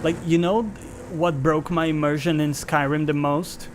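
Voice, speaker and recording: A man's voice: a little high, level tone, normal speed, background noise. Profane, sarcastic male game streamer. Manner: casual, profane, sarcastic ranting. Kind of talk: live gameplay commentary.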